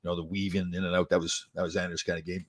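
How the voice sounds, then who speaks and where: A man's voice: deep voice, level tone, rapid-fire. A man in his sixties, a former hockey player hosting a show, telling rambling stories in casual chat and chuckling at them. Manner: rambling, restarts often, chuckles at own stories.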